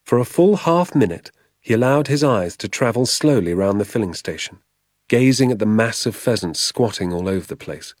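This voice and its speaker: A man reading a children's novel aloud as a measured, expressive storybook narration. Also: on the low side, dry recording, clean studio sound. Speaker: audiobook narrator.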